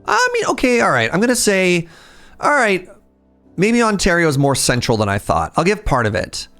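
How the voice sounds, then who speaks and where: Lively, chatty British Columbia Canadian man. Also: high voice, normal speed, faint music behind. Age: middle-aged. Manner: chatty, teasing, answers viewer chat. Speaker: game streamer. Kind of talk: casual live-stream chat.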